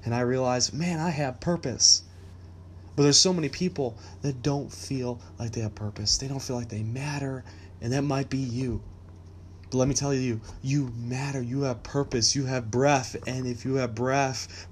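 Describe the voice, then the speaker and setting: A man's voice: medium pitch, normal speed, slight background noise. Encouraging man hosting a faith podcast. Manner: upbeat, encouraging, chuckles often. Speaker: podcast host. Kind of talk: casual faith podcast talk.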